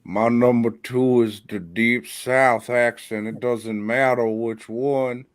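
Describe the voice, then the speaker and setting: A man's voice: mid-range voice, steady tone, slow, clear, resonant tone, no echo. A man co-hosting a casual comedy podcast, ranting in a profane, mock-angry way. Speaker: podcast co-host.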